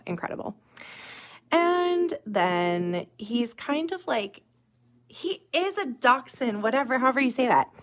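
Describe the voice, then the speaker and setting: A young woman leads a live nail art tutorial and chats with her viewers as she works. Her voice has a gravelly, fry-edged texture, and she talks at an unhurried pace. She keeps it chatty and loose, full of fillers, and drops to a murmur while she focuses on the nail. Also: medium pitch. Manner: chatty, filler-heavy, talks to viewers as "you guys" and "y'all".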